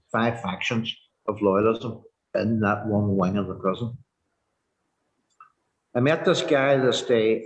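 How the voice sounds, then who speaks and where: A man in his sixties with a Northern Irish accent, telling his personal story in a halting, earnest way, full of "you know" fillers. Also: fairly low pitch, low-quality recording. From Northern Ireland. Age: 60s. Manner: reflective and earnest. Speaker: former prisoner sharing his story. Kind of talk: personal testimony.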